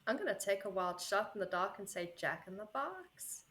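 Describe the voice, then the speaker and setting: A woman podcast guest who talks in a lively way and laughs readily. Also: medium pitch, moderate pace. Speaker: interview guest, tarot reader. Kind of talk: casual podcast chat.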